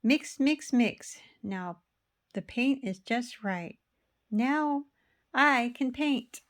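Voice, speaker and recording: A woman voicing a busy, cheerful male house painter in a children's storybook, speaking in bright, eager exclamations. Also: a little high, animated, extremely slow, voice pushed up, exaggerated voice.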